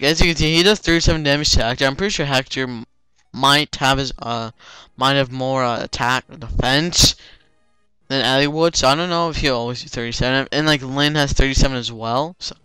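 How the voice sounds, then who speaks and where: A man's voice: mid-range voice, sharp tone, smooth, dry recording. A young man giving casual let's play commentary, rambling with lots of fillers like "like" and "you know.".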